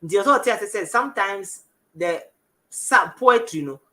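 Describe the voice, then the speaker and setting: In a TV studio, a man with a Ghanaian English accent teaches the Bible, reading verses aloud in a high, bright, forceful, animated voice. His delivery is halting, and he often stops to correct himself.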